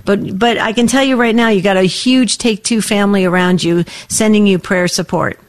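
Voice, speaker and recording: A woman co-hosting a faith-based call-in radio show, speaking in a gentle, encouraging way to a caller. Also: medium pitch, steady tone, moderate pace.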